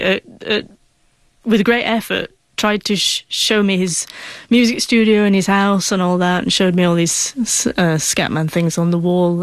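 A woman's voice: fairly low pitch, no echo. A young woman with a stutter, telling a heartfelt personal story as an interview guest, sometimes getting emotional.

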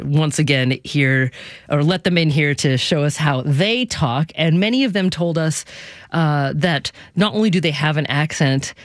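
A woman hosting a radio interview, speaking in a measured way with a few restarts. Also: low-pitched, dry recording, clean studio sound. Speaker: radio host.

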